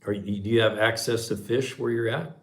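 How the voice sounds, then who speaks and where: A man's voice: lowish voice, steady tone, a little fast. A man, from Southern California, hosting a casual livestream chat in a rambling, laid-back way. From Southern California, USA. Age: 60s. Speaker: livestream host.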